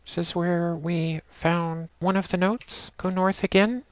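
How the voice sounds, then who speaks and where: A woman narrating a game walkthrough in a steady, instructional way, talking the player through each step. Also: fairly low pitch, measured pace, no room sound. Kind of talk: casual let's-play walkthrough narration.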